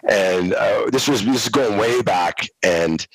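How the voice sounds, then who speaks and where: A middle-aged man with a husky, slightly rough voice spins relaxed stories from his years as a hockey referee. His tone is easygoing and anecdotal, with plenty of restarts as he speaks. The sound is dry and close, coming through a video call. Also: fairly low pitch, slow pace, dry recording, low-quality recording. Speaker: former hockey referee, guest. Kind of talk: casual storytelling interview.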